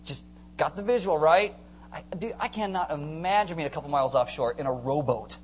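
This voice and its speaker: A man preaching a sermon to a congregation, animated, acting out scenes and joking with the crowd. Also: fairly high pitch, a little fast, slight background noise. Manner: animated, acts out screams and jokes with the congregation. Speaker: pastor.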